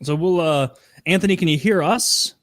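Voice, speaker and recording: A man hosting a podcast, crudely and briskly moving the conversation along. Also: fairly high pitch, dry recording, clean studio sound. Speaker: podcast host. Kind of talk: casual podcast chat.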